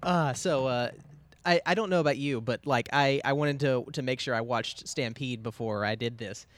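A man in his thirties telling stories in casual chat, relaxed and laughing often. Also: mid-range voice, normal speed, dry recording. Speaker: podcast guest.

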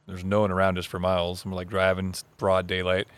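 A man's voice: sits low, monotone, quick pace, smooth, no echo. A young man telling stories in a casual chat, swearing and laughing as he goes.

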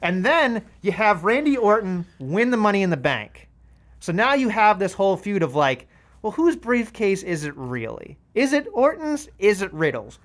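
A man in casual podcast chat about wrestling, animated and acting out quoted voices. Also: high-pitched, normal speed.

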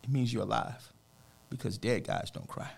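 Male motivational speaker, mid-pitched and gravelly, earnest and emphatic, storytelling guest on a radio show. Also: animated, normal speed. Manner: earnest, heartfelt, preacher-like emphatic delivery. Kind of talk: emotional personal storytelling in a radio interview.

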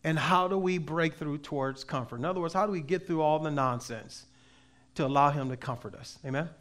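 A man preaching a sermon as pastor, with emphatic delivery that swings between loud and soft and slow readings of scripture. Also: on the high side. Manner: reads scripture aloud slowly.

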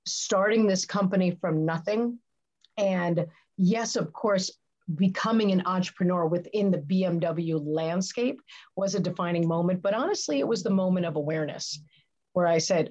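A woman with a lowish, darkish voice speaks at a normal pace on a lo-fi recording. She's an interview guest and business leader, answering questions with earnest, reflective stories and restarting often in a conversational interview.

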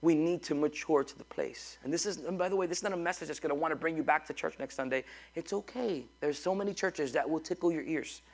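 Gravelly-voiced man preaching a sermon. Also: fairly high pitch, fast talker. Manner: emphatic, repetitive call-and-response preaching. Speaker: pastor. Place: church before a congregation.

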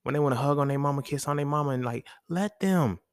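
A man's voice: a little high, fast talker, no echo, clean studio sound. A man talking casually and emphatically, with profanity and speech, hosting a solo podcast. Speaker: podcast host.

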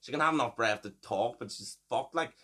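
A man's voice: mid-range voice, a little fast, bright, forceful tone, breathy edge. A man, hosting a podcast and telling a story in a casual, swearing, laughing way. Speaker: podcast host.

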